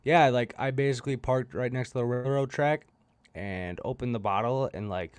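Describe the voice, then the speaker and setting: A man's voice: mid-range voice, moderate pace, clear, resonant tone, no echo. A young man telling his recovery story bluntly, swearing often and laughing at himself. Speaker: guest sharing recovery story. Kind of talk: candid storytelling.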